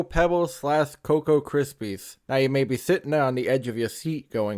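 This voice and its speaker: A man's voice: medium pitch, normal speed, few pauses, a little mellow, dry recording, studio quality. A man hosting a comedic cereal ranking, rambling into absurd tangents with mock-dramatic delivery. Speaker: comedic video host.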